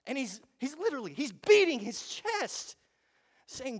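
A man preaching a sermon, moving between quiet reflection and fervent, emphatic passages. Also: very high-pitched, very animated, unhurried. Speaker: pastor.

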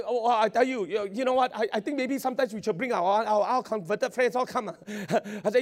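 Male pastor, high voice, excitable sermon, stammering repeats. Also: fairly quick, hardly any pauses. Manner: excitable, stammering repetitions, frequent laughter.

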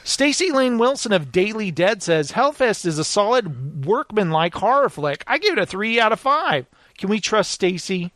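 A man's voice: high voice, very animated, normal speed, fairly bright tone, no echo, clean studio sound. A man co-hosting a podcast, reading out reviews in a jokey way and laughing often. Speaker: podcast co-host.

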